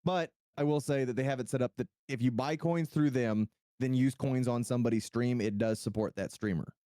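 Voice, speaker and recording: A game master chatting casually at a home streaming setup before a tabletop session, animated and self-deprecating, repeating words while fiddling with the setup. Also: mid-range voice, fairly quick, no echo, clean studio sound. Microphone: streaming mic through a mixer.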